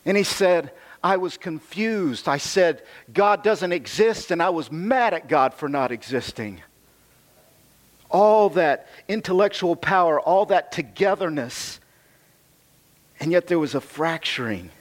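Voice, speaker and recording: Pastor guy, slightly high voice, chatty preaching, repeats stuff to hammer it home. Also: animated, a little slow. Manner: conversational preaching with scripture reading, repeats himself for emphasis. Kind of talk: sermon.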